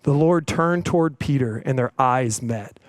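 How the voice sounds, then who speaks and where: A man's voice: mid-range voice, measured pace, no echo, poor audio. A man preaching a sermon in a casual, conversational way, often asking "right?" and acting out the voices in the stories he tells. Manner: conversational, tag questions, retells stories with quoted voices. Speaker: preacher and coach.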